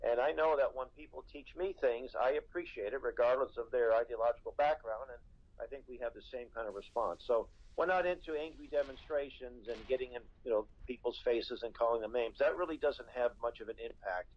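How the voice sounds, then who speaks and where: A man's voice: mid-range voice, a little fast, lo-fi sound. A man as a radio guest, earnestly explaining with frequent restarts and fillers. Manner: earnest, rambling with many restarts. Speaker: guest, constitution educator. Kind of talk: radio interview.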